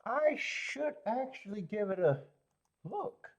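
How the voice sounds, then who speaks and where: A man's voice: high-pitched, sing-song, slow. A man hosting a live horse racing stream, rambling and joking while greeting viewers in chat.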